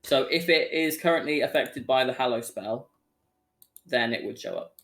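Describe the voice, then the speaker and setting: A man's voice: medium pitch, moderate pace, a bit bright. A man with a Birmingham accent, a player in a tabletop game, chatting casually and reading rules with lots of fillers. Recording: music bed under voice.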